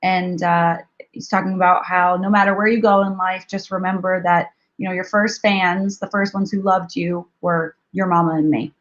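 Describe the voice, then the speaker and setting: A woman singer-songwriter speaks as a radio guest. She is soft-spoken and thoughtful, and her voice comes through a little dull and lo-fi. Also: fairly low pitch, little pitch movement, moderate pace. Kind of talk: casual interview.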